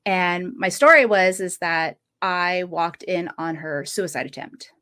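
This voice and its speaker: A woman's voice: fairly low pitch, a little slow, bright, forceful tone. A woman in her late thirties hosting a podcast, talking earnestly in casual conversation and often breaking into short laughs. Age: 30s. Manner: earnest, laughs often while telling a story. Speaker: podcast host.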